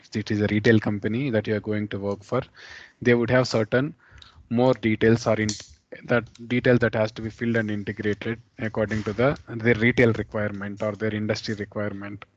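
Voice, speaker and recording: A man with a low voice walks students through accounting software on a screen share. He speaks in a flat, even line and often restates a term before moving on. The sound is dull and lo-fi, like an online class through a computer mic. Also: fairly quick, slight background noise. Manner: explanatory, repeats terms, fillers and restarts. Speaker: software instructor.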